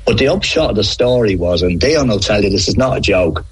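A middle-aged man, a former referee telling animated anecdotes in an interview. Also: fairly low pitch, brisk, slightly rough, poor audio. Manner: animated anecdotes, acts out quoted players. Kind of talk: conversational interview storytelling.

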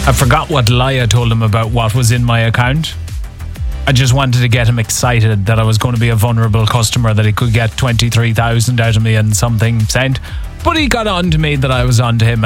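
Radio guy chatting away, mid pitch, bit of music under him. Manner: chatty, storytelling. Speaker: radio host. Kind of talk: casual radio chat.

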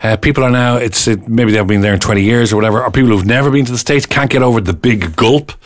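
A man with an Irish accent hosting a casual radio chat show, lively and rambling. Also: medium pitch, fast. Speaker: radio host.

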